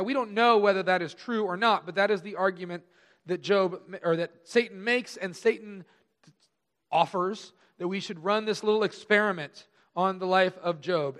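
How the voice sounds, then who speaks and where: A pastor preaching a conversational sermon, stressing key words slowly and trailing off softer at the ends of phrases. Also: male voice, high voice. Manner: conversational, pausing with emphatic slow stresses.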